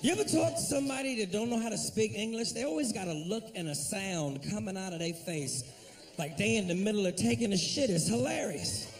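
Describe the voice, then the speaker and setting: A man's voice: sits high, expressive, a little fast. A man doing a stand-up comedy set, brash and profane as he tells his stories.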